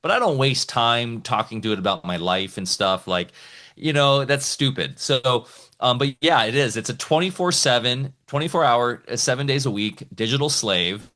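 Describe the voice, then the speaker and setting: Man, mid-pitch, podcast guest; eager, rambling, casual. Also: normal speed. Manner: excited, rambling, talks in bursts with many restarts.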